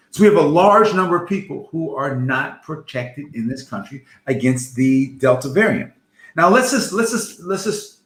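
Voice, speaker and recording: A man's voice: a little high, a bit bright, reverberant. A man, an emergency physician, explaining vaccines in a jovial, plain-spoken way. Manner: jovial, laughs often, explains simply. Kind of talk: casual health talk.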